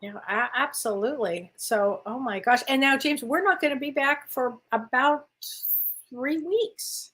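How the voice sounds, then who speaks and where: A high, bright-pitched woman co-hosts a spiritual talk show. Her chat is casual and eager, full of exclamations and gushing agreement. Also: unhurried, husky. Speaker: co-host and spiritual medium.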